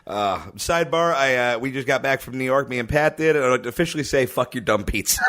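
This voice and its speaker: A man's voice: mid-range voice, quick pace, sharp tone. A man co-hosting a comedy podcast, trading blunt, crude, sardonic jokes. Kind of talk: casual comedy podcast chat.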